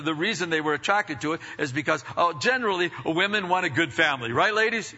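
Casting: male pastor, bright, lively sermon delivery, questions to the congregation, dull echoey church recording. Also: on the high side. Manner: energetic, rising to emphatic bursts, many restarts and questions to the congregation. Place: church sanctuary.

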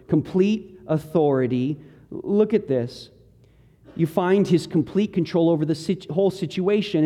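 A man's voice: on the high side, mellow, in a large hall. A man preaching an earnest, emphatic sermon, working through scripture verse by verse. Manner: earnest, emphatic preaching with rising and falling intensity. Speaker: pastor. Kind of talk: expository sermon.

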